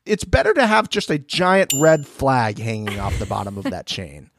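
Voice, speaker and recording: A man's voice: medium pitch, moderate pace, creaky, a little hiss or hum. A man co-hosting a podcast, chatting casually and jokily about a reality show and acting out quotes in voices. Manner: animated, jokey, acts out quotes in voices. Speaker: podcast co-host. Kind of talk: casual reality TV recap chat.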